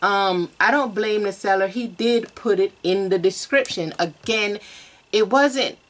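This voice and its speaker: A woman chats casually and candidly, owning her mistakes with easy self-deprecation. Her voice sits at a middle pitch for a woman. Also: a little slow, fairly bright tone. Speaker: co-host, toy collector. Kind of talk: casual chat.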